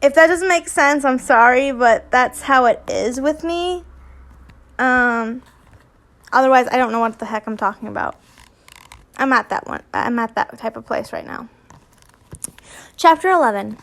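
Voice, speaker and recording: Casual host, woman, high-pitched, rambles between chat and stumbling fanfiction reading. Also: a little slow, long pauses, fairly bright tone. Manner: rambling, stumbles and restarts often while reading. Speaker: fanfiction reader and channel host.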